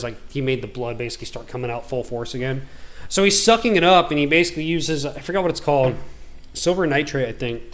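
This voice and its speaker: A man hosting a gaming video, telling a long story in a rambling, animated, slangy way. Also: medium pitch. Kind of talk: casual storytelling while gaming.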